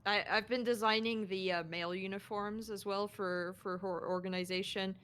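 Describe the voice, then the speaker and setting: A woman's voice: medium pitch, steady tone, normal speed, a bit bright, clean tone. A young woman who made the game, chatting casually about its design with stammering restarts. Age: young adult. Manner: hesitant, stammering restarts, laughing asides. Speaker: game developer commenting. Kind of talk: casual developer commentary.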